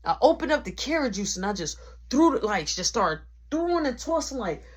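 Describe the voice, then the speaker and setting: A woman telling a story about her workplace in a casual vlog, animated and full of slang. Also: a little high, brisk, slightly rough. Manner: animated, slangy, breaks into quoted voices.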